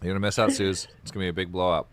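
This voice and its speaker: Fast-talking teasing man. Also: deep voice, level tone, fairly bright tone. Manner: teasing, laid-back. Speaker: host. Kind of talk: casual chat.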